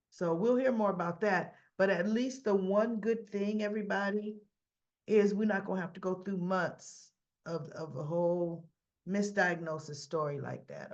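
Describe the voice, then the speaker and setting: Woman host, casual soap recap, slow unhurried delivery, a bit muffled lo-fi sound. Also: mid-range voice, steady tone, a little mellow. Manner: chatty, opinionated, talks straight to viewers; acts out the characters' lines in her retelling. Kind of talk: casual spoken recap to viewers.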